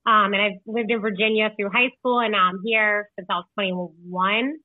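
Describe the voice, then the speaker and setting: A woman's voice: mid-range voice, fairly even intonation, normal speed, dry recording. A young woman from Illinois, a podcast guest and author, chatting casually and saying "like" a lot. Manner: chatty, laughs often, says "like" a lot. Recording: tinny phone-like line, dry.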